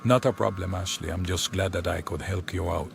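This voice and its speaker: Helpful Jamaican neighbour in a cartoon, low and gravelly, over street noise. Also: male voice, brisk. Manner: calm, soothing, easygoing. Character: kindly helpful young man, calm neighbour. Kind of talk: animated cartoon dialogue.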